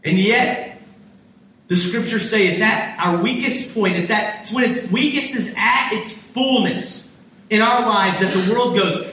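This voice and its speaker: A man's voice: high-pitched, measured pace, bright, forceful tone, slight background noise. An American man preaching a sermon, impassioned, acting out prayers and God's reply. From United States. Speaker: pastor. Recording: echoey hall, mic from a distance.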